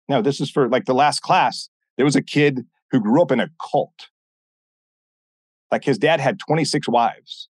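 A former military instructor guesting on a podcast tells stories in a casual interview, blunt and animated, swearing often and acting out quoted dialogue. His voice is mid-range at normal speed, recorded dry.

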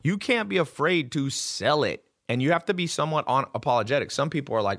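A man's voice: medium pitch, lively intonation, quick pace, few pauses, a bit bright. Brash, swearing male podcast host. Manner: brash storytelling, swears freely. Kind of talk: casual chat. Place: studio table with guests.

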